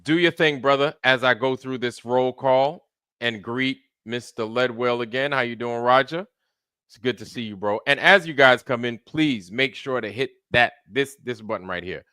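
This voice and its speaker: A man's voice: medium pitch, normal speed, sharp tone, clear, resonant tone, no echo, studio quality. A man hosting a casual live stream, loose and slangy, greeting viewers by name in a running roll call. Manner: greets viewers by name one after another. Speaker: livestream host.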